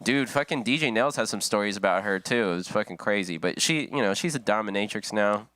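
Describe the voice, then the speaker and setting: A man's voice: lowish voice, fairly quick, crowd noise. A man in his thirties, a podcast host, telling a rambling, profane story in casual chat. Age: 30s. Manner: profane, rambling, acts out voices in anecdotes.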